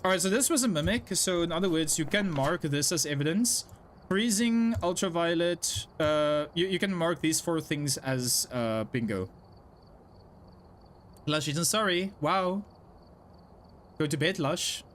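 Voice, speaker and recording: A man's voice: a little high, expressive, a bit bright, a little hiss or hum. Chatty young man streaming a game. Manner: chatty, talks to chat, quick asides and laughs. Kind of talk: casual live-stream chat while gaming.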